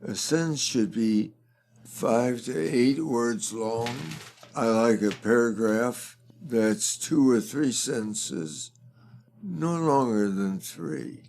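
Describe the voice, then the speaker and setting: Older man, fundraising guest, slow deliberate delivery, gravelly fry in the voice, conversational interview. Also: medium pitch, expressive, darkish tone.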